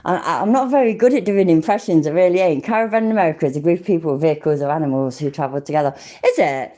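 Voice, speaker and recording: A woman's voice: deep voice, quick pace, dark tone. A British woman hosting a casual livestream, swearing and laughing often as she chats. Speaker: livestream host.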